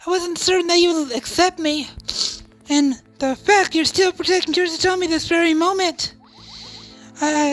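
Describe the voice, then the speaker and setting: Woman voicing a high, stammering, lovestruck girl who is dangerously obsessive, for a game dub. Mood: obsessive pleading. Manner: breathless, pleading, stammering. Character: obsessive lovestruck young woman wielding a machete.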